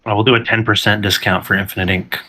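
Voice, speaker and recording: A man running a tabletop game as game master, playful and quick to laugh. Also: on the low side. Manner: laughs often, playful and animated.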